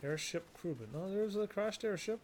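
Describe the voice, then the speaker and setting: A man casually commentating while he plays a game, rambling and quick to laugh at it, with game music behind him. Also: high-pitched, a little mellow, a little hiss or hum. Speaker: gaming video host. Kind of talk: casual let's-play commentary.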